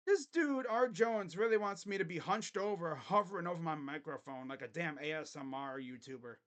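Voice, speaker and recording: A man with a high-pitched voice hosts a casual sports livestream from his home setup, talking into a desk microphone. His tone is grumbling and sarcastic, and he swears offhandedly as he chats. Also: a little fast.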